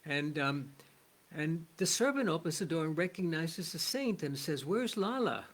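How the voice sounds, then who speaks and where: A man's voice: a little high, lively intonation, moderate pace. A man teaching a spiritual lesson, telling a parable in an earnest storytelling manner. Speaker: shamanic teacher.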